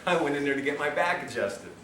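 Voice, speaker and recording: A man's voice: medium pitch, expressive, fast, fairly bright tone. A man giving a health lecture, telling a personal story in a conversational way and acting out the dialogue. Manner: conversational, acts out quoted dialogue. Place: lecture room at a health institute. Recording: echoey room from far off, faint hiss.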